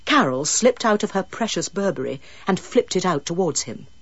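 A woman reading an audiobook in measured, dramatic storytelling. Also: fairly low pitch, very animated, slightly rough, no room sound, highs cut off. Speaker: audiobook narrator. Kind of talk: scripted narration.

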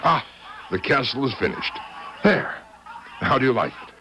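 An actor voicing an ageless angel who talks in a smooth, unhurried, gently amused way, coolly indifferent to mortals. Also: male voice, mid-range voice, big pitch swings, a little hiss or hum. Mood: serene.

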